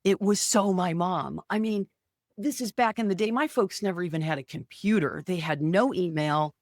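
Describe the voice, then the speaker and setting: A woman's voice: fairly low pitch, normal speed, no room sound, clean studio sound. A woman in her fifties, an author and radio personality, telling a story as a guest in a casual interview. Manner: animated, vivid storyteller.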